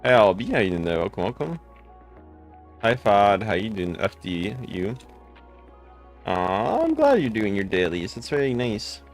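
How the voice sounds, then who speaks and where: A man's voice: fairly low pitch, very animated, a little slow, pauses often, faint music behind. A tired man casually chatting with viewers during a live gaming stream, greeting them by name with rambling asides.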